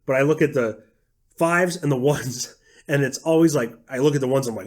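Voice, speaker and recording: A man's voice: mid-range voice, normal speed, a little mellow. A young man co-hosting a casual podcast, ranting sarcastically and swearing freely. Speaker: podcast co-host. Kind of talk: casual chat.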